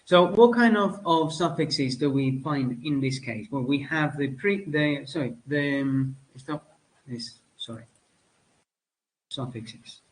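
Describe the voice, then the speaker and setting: Hesitant male teacher, slightly higher voice, frequent fillers. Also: measured pace, hardly any pauses, a little hiss or hum, low-quality recording. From Spain. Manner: hesitant, many fillers and self-corrections. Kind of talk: spoken lecture.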